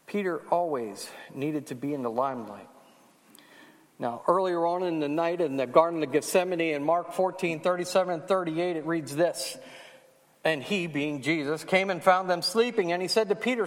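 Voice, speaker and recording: A high-voiced man preaching to a congregation. He puts questions straight to the room and climbs in pitch and force when he stresses a point. His voice rings with a long reverb, as if he is in a church hall. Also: normal speed. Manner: asks the congregation questions, emphatic and rising on key lines. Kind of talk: sermon.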